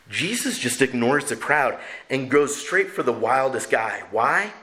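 A pastor delivers a sermon from his church, swinging between a raised voice for characters and a lower, earnest tone. His voice is bright and clear, with playful humor. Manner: acts out characters with raised pitch, jokes with the congregation. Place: church sanctuary.

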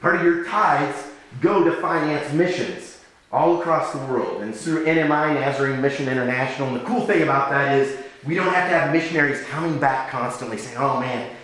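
Bright-voiced man preaching a lively sermon. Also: fairly quick. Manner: acts out characters with raised pitch, jokes with the congregation. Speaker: pastor. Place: church sanctuary.

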